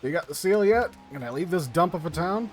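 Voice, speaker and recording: A man voicing a grumpy male pirate crewman in a game, talking in a gruff, impatient way. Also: fairly high pitch, lively intonation, fairly quick, slight background noise, lightly acted.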